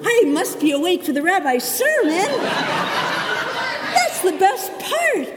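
A woman voicing an upset, tender-hearted young girl in a high, fluttery voice, in a storybook tale. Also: very animated, slow pace, heavy background noise, heavily acted. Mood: eager. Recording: echoey hall.

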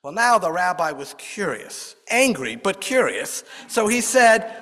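Guy telling a folk story, kinda high voice, lively, echoing big hall. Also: unhurried, hardly any pauses. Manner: expressive, voices characters with rising pitch. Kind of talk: oral storytelling. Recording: long hall reverb.

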